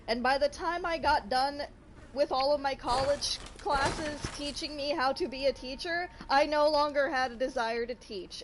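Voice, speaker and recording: Woman, high voice, casual gaming chat, animated storytelling, noisy background. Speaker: co-host of a gaming channel. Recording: background noise.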